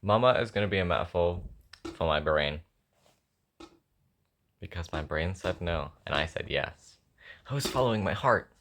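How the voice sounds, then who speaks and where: A young man with a low voice and a sore throat talks to himself while he writes a song at home. He rambles, thinks aloud and mocks himself. A faint hiss sits under the recording. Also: animated, normal speed, pauses often, fairly bright tone. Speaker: songwriter. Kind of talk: casual chat while writing a song.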